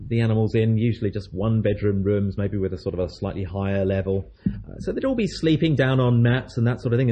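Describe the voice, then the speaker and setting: A man's voice: medium pitch, a little mellow. A man preaching a sermon, telling a story in a chatty way and acting out the voices of its people.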